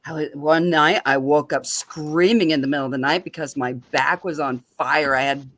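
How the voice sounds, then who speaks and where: A woman on an open mic show, telling a personal story in a lively, animated way and often laughing. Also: low voice, normal speed.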